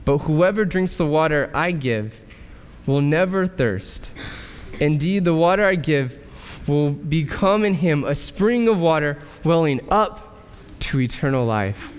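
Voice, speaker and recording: A male pastor preaching a sermon in a church, asking rhetorical questions and pausing for effect. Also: a little high, expressive, smooth. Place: church sanctuary. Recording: church hall reverb.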